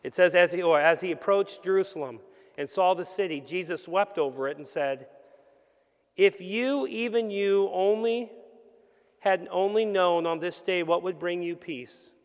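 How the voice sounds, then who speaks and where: High-voiced man preaching in a reverberant hall. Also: measured pace, long pauses, clear, resonant tone. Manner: earnest preaching, rhetorical questions, acts out quoted voices. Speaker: pastor. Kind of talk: sermon. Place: church sanctuary.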